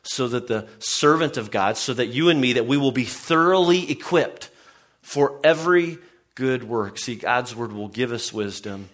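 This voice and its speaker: Male pastor, sermon, earnest, restarts a lot, mid-pitched voice. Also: lively intonation, normal speed, fairly bright tone. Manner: earnest, repeats words and restarts often, uses "I mean".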